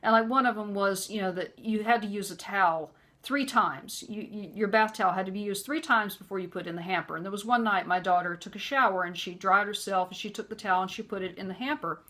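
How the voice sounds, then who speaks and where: A woman telling a personal story in an earnest, conversational way, filling pauses with "you know". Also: mid-range voice, a bit bright. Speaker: vlogger.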